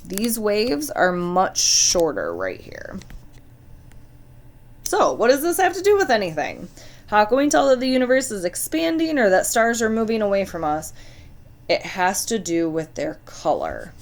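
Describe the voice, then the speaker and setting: A woman's voice: medium pitch, sing-song, a little slow. A woman teaching a science lesson, talking casually and putting questions straight to her students. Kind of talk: recorded classroom lesson.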